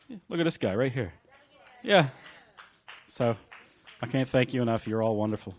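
A man's voice: mid-range voice, animated. Man briefly thanking a congregation. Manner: brief, grateful, halting. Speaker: church member thanking the congregation. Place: church sanctuary.

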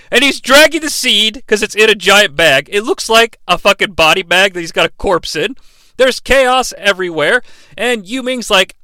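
Animated, bright-voiced man reviewing a movie. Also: sits high, normal speed, no room sound. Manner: rambling, profane and sarcastic. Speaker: host.

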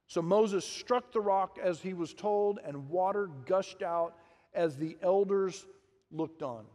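A man preaching a sermon as pastor, animated, acting out quotes and asking the congregation questions. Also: sits high, slow. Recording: long reverb of a large hall.

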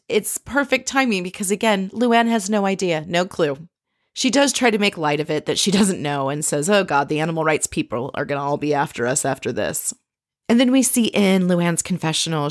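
A woman's voice: on the low side, no echo, clean studio sound. A woman giving a chatty, opinionated recap of a reality TV episode, telling it like a story.

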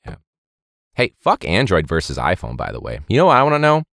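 A teacher who hosts a casual podcast launches into a sarcastic rant, laughing and swearing mid-thought. His gravelly, slightly bright voice swoops wildly from low mutters to high outbursts at a slightly fast pace. The recording is dry and close-miked, with no room sound.

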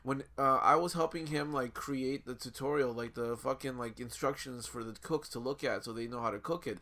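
A man's voice: medium pitch, fairly quick. Chatty man full of likes and ums. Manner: chatty, filler-heavy, animated retelling. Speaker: hotel front desk worker. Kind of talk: casual chat.

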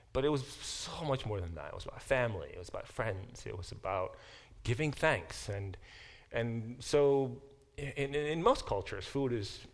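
A middle-aged man teaching a class, explaining with lively examples and frequent restarts. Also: medium pitch. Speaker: professor teaching a Bible class. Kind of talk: classroom lecture.

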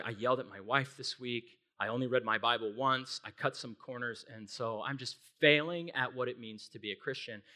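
A young adult man preaching a sermon in a conversational, animated way, often checking in with his listeners. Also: a little high. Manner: conversational, animated, frequent tag questions. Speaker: pastor.

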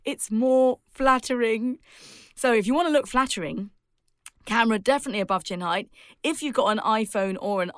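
Woman, speaking coach, podcast guest, lively and emphatic, laughs a lot, dry close sound. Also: on the high side, normal speed, smooth, no echo. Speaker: public speaking coach and author.

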